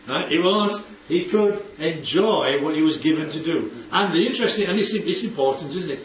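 A man leading a Bible study group. He speaks in an animated teaching manner and often checks for agreement. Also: fairly high pitch, normal speed. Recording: roomy, distant, dull recording with faint background ambience.

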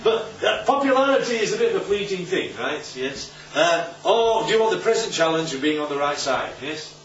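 A man's voice: high-pitched, sing-song, brisk, fairly bright tone, a little hiss or hum. A male preacher giving an informal Bible talk, conversational and often checking in with his listeners. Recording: roomy, distant, dull recording.

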